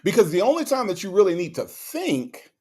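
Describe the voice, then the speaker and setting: A man's voice: high-pitched, big pitch swings, fairly quick, darkish tone. A man hosting a channel, giving mocking commentary and repeating words for emphasis. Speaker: channel host.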